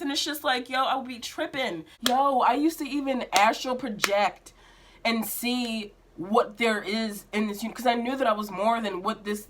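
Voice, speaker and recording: A woman's voice: fairly high pitch, a bit bright. A young woman telling a dream in a casual, emphatic spiritual vlog, slangy and full of fillers. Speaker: vlogger.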